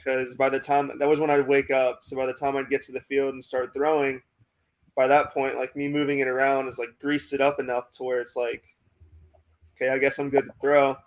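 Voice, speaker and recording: A young man in his twenties, a pitching prospect, telling a long story in a casual interview, rambling with lots of "like" and "you know" and acting out what coaches said. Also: flat delivery, brisk. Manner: acts out quoted coaches in dialogue.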